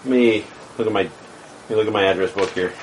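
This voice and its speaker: A man voicing a calm male leader who answers in a measured, matter-of-fact way in a tabletop game. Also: lowish voice, slight background noise, pitched below the performer's own voice, close to an everyday voice, rough recording.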